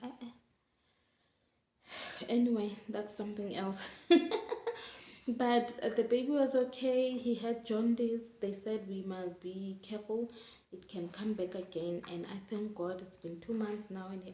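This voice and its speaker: A woman's voice: medium pitch, dark tone. Young woman vlogger, chatty and emotional, mid-range voice in an echoey room. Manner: chatty, keeps addressing viewers as guys, emotional. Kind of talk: casual storytelling to camera. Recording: roomy echo.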